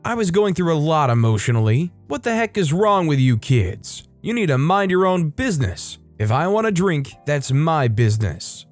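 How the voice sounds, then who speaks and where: A man's voice: on the high side, big pitch swings, moderate pace, hardly any pauses, faint music behind, voice pushed up. A man voicing a whiny, defensive middle-aged mother who is self-pitying and indignant.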